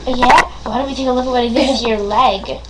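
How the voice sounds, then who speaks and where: A woman's voice: a little high, fairly even intonation, quick pace. A young woman playing with dolls on a webcam, talking in a bossy, sassy way and sometimes like a mock announcer. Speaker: doll play performer. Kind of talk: playful doll play on webcam. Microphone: built-in webcam mic. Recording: loud hiss on webcam audio.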